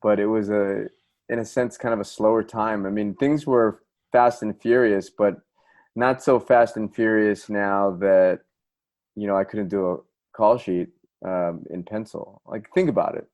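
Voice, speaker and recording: A man's voice: on the low side, fairly even intonation, a little slow, darkish tone. Middle-aged man reminiscing about set work. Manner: reflective, conversational reminiscing with an easy laugh. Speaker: assistant director, podcast guest. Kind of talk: casual conversation.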